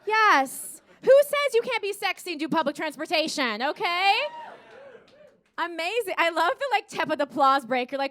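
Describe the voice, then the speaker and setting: American woman, stand-up comedian, high voice, animated, acts out dialogue. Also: normal speed. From United States. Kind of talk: live stand-up set. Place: theater stage before a laughing audience.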